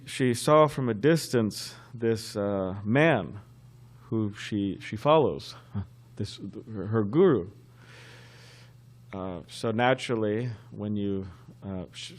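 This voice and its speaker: A man giving a scripture class at a temple, telling a story in a halting, conversational way. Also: on the low side. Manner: halting and conversational, often restarting.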